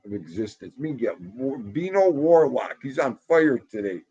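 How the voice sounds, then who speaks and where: Husky, slow New man, loud, chatty livestream host, dry room. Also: medium pitch, no room sound, lo-fi sound. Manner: animated, talks loudly, greets chatters by name. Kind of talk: casual livestream chat reading comments. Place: home room.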